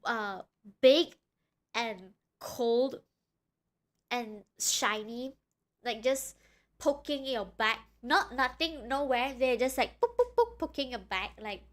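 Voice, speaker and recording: A young woman streaming live, chatting in an excitable, rambling way with frequent giggles. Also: fairly high pitch, takes it slowly. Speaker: streamer reacting to a video. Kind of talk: casual live-stream chat.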